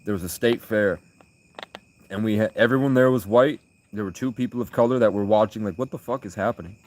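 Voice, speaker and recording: Speaking fairly quickly in a low voice, an American man rambles through stories on a late-night livestream. He reads his chat aloud and erupts in loud laughter now and then.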